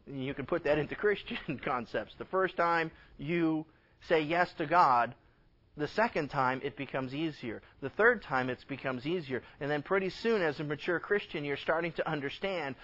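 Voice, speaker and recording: A man, a pastor, teaching a Bible passage in an impassioned sermon, swinging from loud emphatic lines to quiet asides and acting out bits of dialogue. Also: fairly high pitch, lo-fi sound. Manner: acts out dialogue with God and others in quick conversational voices.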